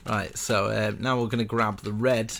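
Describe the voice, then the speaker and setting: A man's voice: fairly low pitch, fairly even intonation, normal speed, creaky, a bit bright. A young man casually walking viewers through a building tutorial step by step, chatty and rambling with self-mocking asides.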